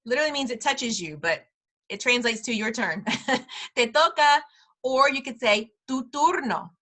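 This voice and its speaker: A woman teaches a casual parent class with a bright, clear voice that sits a little high. She repeats each phrase slowly for the learners and laughs easily between them. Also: expressive. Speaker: preschool director teaching a parent Spanish class. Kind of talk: friendly language lesson.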